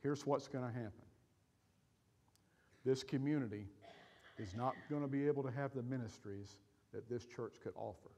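A man preaching a sermon as pastor, emotional and pleading, pushing into loud, emphatic appeals to his congregation. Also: medium pitch, long reverb tail, highs cut off. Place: church sanctuary.

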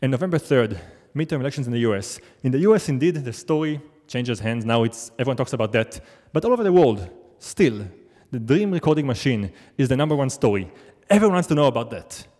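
A man's voice: mid-range voice, sing-song, brisk, few pauses, a little mellow. A man telling a true story on stage in a wry, self-deprecating, conversational way. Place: large theater stage. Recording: long theater hall reverb.

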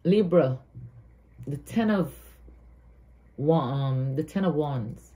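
Guyanese woman, tarot reader; low, mellow voice, earnest and heartfelt, thinks aloud as she goes. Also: expressive, slow pace. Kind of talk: tarot card reading.

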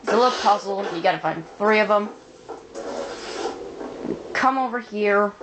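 A woman's voice: medium pitch, normal speed, noisy background. A woman giving angry, swear-filled commentary while playing a video game. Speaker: let's play gamer. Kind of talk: gameplay commentary.

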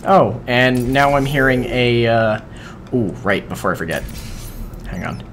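A man giving casual let's-play commentary as he plays, excitable, swearing often and talking to the game's creatures. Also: medium pitch, unhurried, a little hiss or hum. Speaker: gaming video host.

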